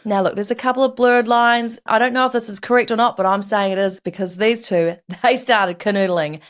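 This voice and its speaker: A woman's voice: mid-range voice, brisk. A woman co-hosting a podcast, telling a true-crime story in a casual, joking way and slipping into voices. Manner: animated, joking, slips into character voices.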